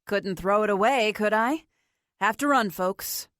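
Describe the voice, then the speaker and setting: Woman voicing a brisk, dry woman doctor. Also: mid-range voice, a bit bright, dry recording, close to an everyday voice.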